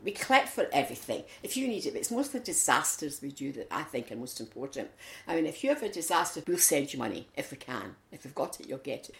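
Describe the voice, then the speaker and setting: Low-voiced Scottish woman telling stories. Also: quick pace. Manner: lively storyteller, acts out quotes. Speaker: interviewee, community volunteer. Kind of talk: chatty anecdotal interview. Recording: echoey room.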